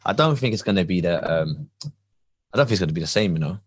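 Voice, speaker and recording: A man, co-hosting a casual chat and telling a story in an animated, laughing way full of slang. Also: deep voice, fast talker, slightly rough. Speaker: podcast co-host.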